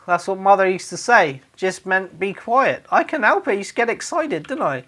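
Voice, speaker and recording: A Cornish-accented man talks through local sayings in a jokey, off-the-cuff monologue. He is a radio DJ who keeps bursting into loud, overdone dialect phrases. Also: high voice, expressive, a little fast, few pauses. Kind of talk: comic monologue reading out followers' sayings.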